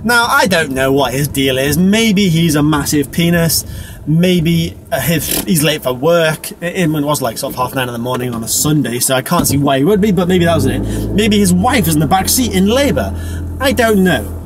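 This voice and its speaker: A man's voice: on the high side, animated, moderate pace. A young man vlogging from his car, rambling and self-deprecating, with casual swearing. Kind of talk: casual driving vlog monologue. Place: inside a car while driving. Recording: car interior with road noise.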